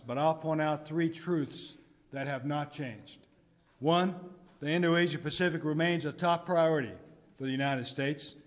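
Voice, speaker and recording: Middle-aged man, military commander, formal speech, measured and emphatic, slightly high voice, echoey hall. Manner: measured, emphatic, deliberate delivery.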